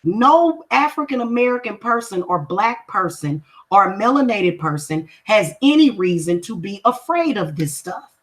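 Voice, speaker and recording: A woman's voice: medium pitch, sing-song, a little slow, few pauses. A woman who reads and does spellwork, talking casually to viewers in a confrontational, emphatic way and repeating her points for stress. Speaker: spiritual practitioner and reader. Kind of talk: casual livestream talk to viewers.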